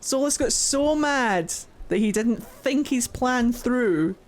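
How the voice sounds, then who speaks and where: A woman's voice: a little high, lively intonation, slow pace. A young woman streaming a game, chatting, theorizing and swearing with glee. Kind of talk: let's play commentary.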